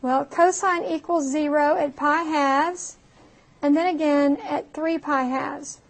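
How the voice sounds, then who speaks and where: A woman's voice: high-pitched, fairly even intonation, slow, vocal fry. A woman teaching a recorded math lesson, chatting through her calculator steps and laughing at her own mishaps.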